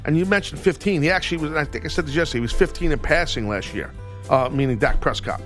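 A man's voice: fairly high pitch, fast, fairly bright tone, faint music behind. A man hosting a sports radio show in casual chat, rambling with lots of fillers and restarts.

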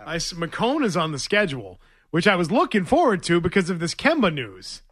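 High-voiced laughing sports radio host. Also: male voice, sing-song, fairly quick, a bit bright, breathy edge, no echo, clean studio sound. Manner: laughs often, reads ad copy playfully. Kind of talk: casual sports radio banter.

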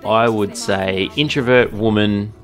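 A man's voice: on the low side, steady tone, a little slow, faint music behind. A man co-hosting a podcast, giving album opinions in casual chat with hesitant, stammering restarts. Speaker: podcast co-host. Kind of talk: casual music review chat.

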